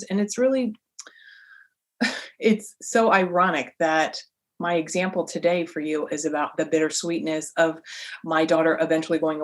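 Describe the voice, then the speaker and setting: Animated woman podcast coach. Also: on the low side. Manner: animated, emphatic, lively inflection. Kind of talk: solo motivational podcast.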